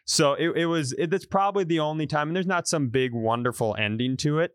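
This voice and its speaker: Acting out every quote, a podcast co-host in his thirties spins an animated story during casual conversation. His slightly high voice is brisk, clear, and resonant, recorded at studio quality with no room sound.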